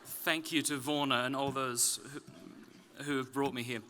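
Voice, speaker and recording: A man from Australia with a softened, slightly British-leaning Australian accent, giving a conference talk with self-deprecating jokes before turning earnest and explanatory. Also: mid-range voice, fairly even intonation, unhurried, a little hiss or hum. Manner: joking, then earnest and explanatory. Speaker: speaker. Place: conference stage.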